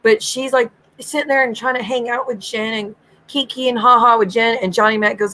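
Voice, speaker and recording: A woman's voice: a little high, steady tone, fairly quick, a bit bright, slight background noise, rough recording. Woman hosting a livestream, chatty storyteller who mimics others and laughs a lot. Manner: gossipy storytelling, acts out quoted lines, swears freely; giggly, breaks into laughter. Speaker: livestream host. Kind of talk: casual chat.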